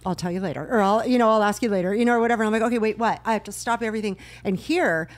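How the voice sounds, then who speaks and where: A woman's voice: mid-range voice, very fast, dry recording. A woman co-hosting a podcast in casual chat, retelling everyday scenes and acting out what people said. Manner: chatty, retells everyday scenes with quoted voices. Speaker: podcast co-host.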